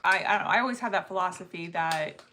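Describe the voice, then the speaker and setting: A woman's voice: on the low side, fairly quick, pushed and bright, a little hiss or hum. A woman co-hosting a casual livestream, earnest and chatty, coming back to her point again and again. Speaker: livestream co-host.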